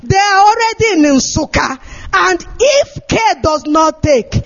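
High-voiced man shouting tearfully. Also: animated, slow. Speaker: activist speaker. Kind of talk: impassioned political address. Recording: dull lo-fi recording.

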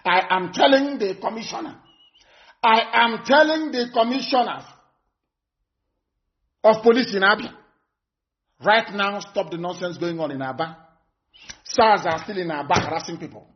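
High-pitched, stern man. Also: normal speed, pauses often. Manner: stern, repetitive warnings, rises to shouts. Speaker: activist broadcaster. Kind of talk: live broadcast address. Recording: dull lo-fi broadcast audio.

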